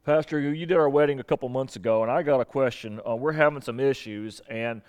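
A man's voice: mid-range voice, fast, a little mellow, voice pushed down, close to an everyday voice. A man voicing a newlywed young husband caller who asks a hesitant, earnest question in a Southern accent.

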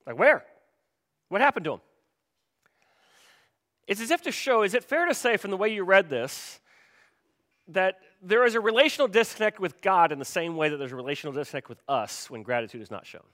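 A male pastor preaching with a pitch a little above the usual. His delivery is chatty and informal, and he keeps checking in with his listeners as he goes. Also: lively intonation, quick pace, a bit bright. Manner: conversational, asks the congregation questions. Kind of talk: sermon.

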